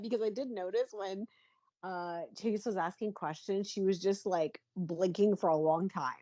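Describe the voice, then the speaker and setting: A woman co-hosting a podcast, chatting casually and reacting quickly to her partner. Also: mid-range voice, no echo, highs cut off. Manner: lively, agreeing, quick reactions. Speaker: podcast co-host. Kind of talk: casual chat.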